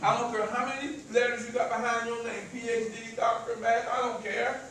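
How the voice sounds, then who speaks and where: This man's voice is extremely high, a bit bright and a little fast, with little pitch movement, as he gives a motivational talk to a live audience in an echoey event room. He speaks with a rural American country accent, stuttering and repeating words. The mic is far away, the room very echoey, with some hiss or hum.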